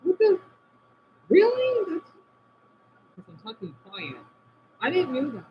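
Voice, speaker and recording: A man talks casually to his live-stream viewers from home, his voice high and swinging widely in pitch. He answers comments one by one and lets his sentences drop away quietly. The audio is dull and lo-fi, with a faint background hiss. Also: huge pitch swings, unhurried, long pauses. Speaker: livestream host reading chat. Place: indoors at home by a window.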